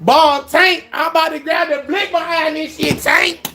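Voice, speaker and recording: A man streaming, reacting with loud, repetitive exclamations in street slang. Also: very high-pitched, steady tone, normal speed, creaky, a little hiss or hum. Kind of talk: emotional live reaction rant.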